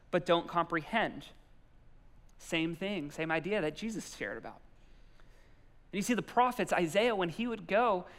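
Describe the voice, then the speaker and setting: Pastor guy giving a sermon, acts out his own rants, kinda high voice. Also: long reverb tail. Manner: animated storytelling, acts out his own outbursts.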